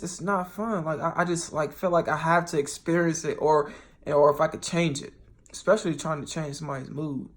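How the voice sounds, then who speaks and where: A man talks to his viewers in a loose, rambling monologue. He swears freely, restarts his sentences again and again, and swings between quiet asides and sudden loud bursts. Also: a little high, gravelly. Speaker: vlogger.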